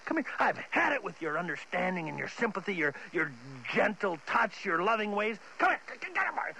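A man's voice: sits high, big pitch swings, fairly quick, gravelly, bright, forceful tone, a little hiss or hum, heavily acted, low-quality recording. A man voicing an unhinged, boastful male movie star who rambles, stammers and keeps restarting his sentences. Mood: menacing. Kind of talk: comedy sketch impression.

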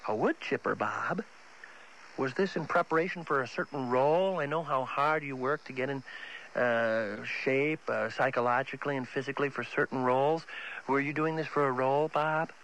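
A man voicing a calm female talk-show interviewer who asks gentle, measured questions. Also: medium pitch, slight background noise, voice pushed down, natural voice, poor audio. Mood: probing.

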